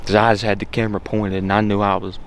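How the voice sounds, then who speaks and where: Excitable man on a mountain. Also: on the low side, fast talker. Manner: folksy, excitable, talks straight to viewers. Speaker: hunter filming his own hunt. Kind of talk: casual outdoor vlog talk. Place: outdoors on a wooded mountain. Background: faint wind and outdoor ambience.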